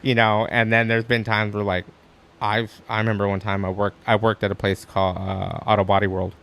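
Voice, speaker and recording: Low-voiced male podcast guest, loose and animated storyteller, swears a lot. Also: fairly quick. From Arizona, USA. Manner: animated storyteller, acts out quotes with high pitch jumps, swears freely. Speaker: guest, stand-up comic. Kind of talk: casual podcast chat.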